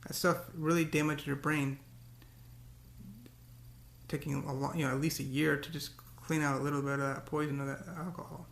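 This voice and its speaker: A man's voice: a little high, little pitch movement, normal speed, vocal fry, long pauses, roomy sound, a little hiss or hum. A man talking to the camera in a casual, rambling monologue, often repeating words and breaking into cursing rants. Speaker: vlogger.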